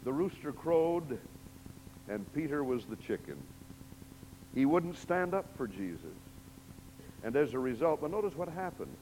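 Man preaching in a church, kinda high voice, big dramatic swings soft to loud, long echo off the hall. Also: sing-song, measured pace, long pauses. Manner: dramatic, emphatic reading with big swings in loudness. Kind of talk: sermon. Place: church sanctuary.

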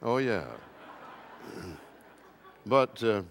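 A male preacher delivering a sermon at an unhurried, deliberate pace. His voice sits at a middle pitch, and he leans on key words and adds small touches of humor as he speaks to a church congregation. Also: in a large hall. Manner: slow, emphatic preaching with light humor.

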